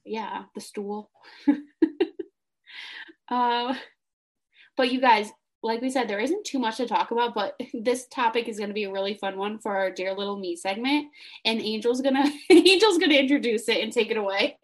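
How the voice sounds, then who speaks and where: A young woman co-hosting a casual fan podcast, animated and gushing, laughing often. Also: fairly high pitch, normal speed. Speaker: podcast co-host.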